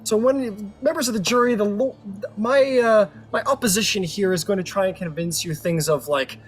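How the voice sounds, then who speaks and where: A man's voice: normal speed, husky, soft background music. A man playing a scheming, rule-bending male lawyer in a tabletop game, speaking in a theatrical courtroom style. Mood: grandiose. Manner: theatrical courtroom oratory, booming objections. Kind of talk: tabletop role-play.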